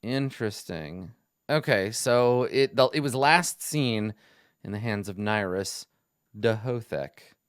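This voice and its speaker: A man's voice: lowish voice, animated, slow, smooth, no room sound, studio quality. A man talking as game master, planning a tabletop adventure aloud, thinking things through with restarts. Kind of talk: casual session prep talk.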